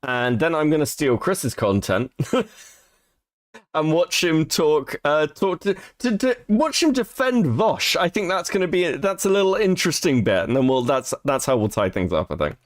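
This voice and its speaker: A young man talks loosely over a video he is reacting to, swearing and laughing between remarks. His pitch swoops and jumps as he speaks. The sound is dry and close to the mic. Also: sing-song, moderate pace, no echo. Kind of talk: casual reaction commentary.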